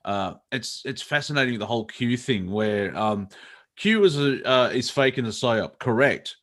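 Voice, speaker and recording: A man's voice: medium pitch, animated, normal speed, fairly bright tone. A man co-hosting a casual comedy show, rambling and irreverent, often breaking into laughter mid-sentence. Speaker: co-host.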